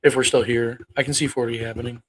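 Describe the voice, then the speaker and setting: A man's voice: medium pitch, little pitch movement, quick pace, slightly rough, poor audio. A man in his thirties hosting a casual livestream, rambling and cursing bluntly as he talks to his viewers. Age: 30s. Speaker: livestream host.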